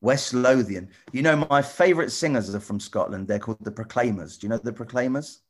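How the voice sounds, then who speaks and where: A man presenter chatting with children in a casual video call, rambling and restarting often, gentle and encouraging. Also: mid-range voice, brisk. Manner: rambling, stop-start, many repeated "you know". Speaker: TV presenter answering children's questions.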